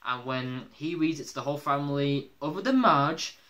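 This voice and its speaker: A man's voice: fairly high pitch, moderate pace, sharp tone. A man casually reviewing a cartoon episode, rambling with lots of fillers and laughter.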